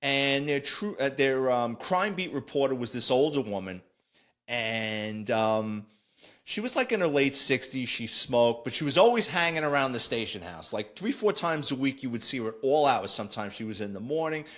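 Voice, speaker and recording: Blunt New ex-cop telling stories. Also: male voice, medium pitch, normal speed. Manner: animated, blunt, acts out quoted voices. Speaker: former police officer, podcast host. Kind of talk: casual anecdote storytelling.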